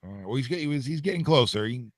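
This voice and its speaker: A man's voice: medium pitch, expressive, racing, dry recording, clean studio sound. A man from Florida, a radio host, chatting as a guest in an easygoing, self-deprecating way. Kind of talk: casual chat.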